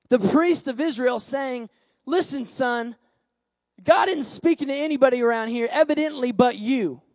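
A male preacher with a high voice delivers an animated storytelling sermon, repeating phrases and pausing for effect. The recording is dry and close, with no room sound. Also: dry recording. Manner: animated, repetitive, dramatic pauses.

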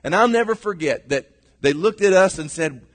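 A middle-aged male pastor preaching a sermon, swinging from shouted lines to hushed ones. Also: high-pitched, animated, moderate pace. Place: church sanctuary. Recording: long reverb of a large hall.

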